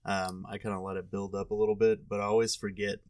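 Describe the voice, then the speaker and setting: A man's voice: on the low side, little pitch movement, fast, a little mellow, clean tone, dry recording. A man on a podcast chatting in an easygoing, slightly hesitant way. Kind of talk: casual chat.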